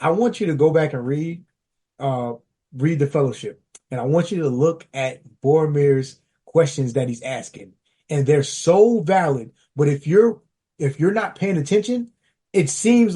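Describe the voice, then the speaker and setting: A man co-hosting a casual podcast discussion, talking in an animated, slangy, emphatic way. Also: breathy edge. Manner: animated, acts out quotes with big pitch jumps. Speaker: podcast co-host.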